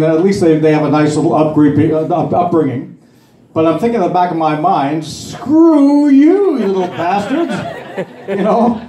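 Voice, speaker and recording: A man's voice: on the high side, a little mellow, reverberant. Rambling older man doing stand-up. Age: 60s. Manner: rambling, halting delivery with many fillers and restarts. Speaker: amateur stand-up comic. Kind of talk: stand-up comedy.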